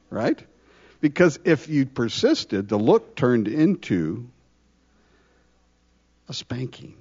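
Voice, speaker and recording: A man preaches in an animated, conversational way, tossing rhetorical questions to his listeners. His voice sits at an ordinary middle pitch. The recording sounds dull and lo-fi. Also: slow pace, pauses often. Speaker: pastor. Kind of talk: sermon.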